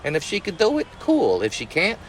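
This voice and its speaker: Man putting on a smug slangy storybook king, pitched up, lively. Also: brisk, slight background noise. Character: greedy, casual young king.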